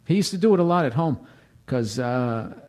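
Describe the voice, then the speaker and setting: A man's voice: medium pitch, lively intonation, normal speed, a little mellow. A man in his forties, a comedian telling rambling, profane, self-mocking stories in casual conversation. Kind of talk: conversational storytelling.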